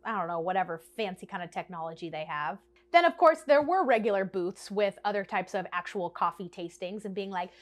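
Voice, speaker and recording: A woman chatting to camera in a bubbly, animated way, telling a storytime to her viewers and laughing often. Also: medium pitch, brisk. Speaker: vlogger. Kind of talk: casual storytime chat to camera.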